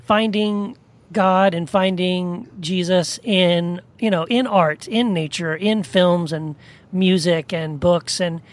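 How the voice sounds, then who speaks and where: A man's voice: high-pitched, fairly even intonation, takes it slowly. A man co-hosting a podcast, talking about faith in an earnest, rambling way with many restarts. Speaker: podcast co-host. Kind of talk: casual faith discussion.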